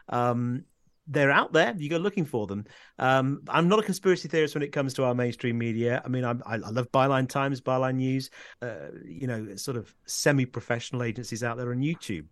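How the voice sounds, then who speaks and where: A man's voice: medium pitch, brisk, dry recording. Chatty opinionated man, dry close sound. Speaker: podcast host. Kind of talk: casual political chat.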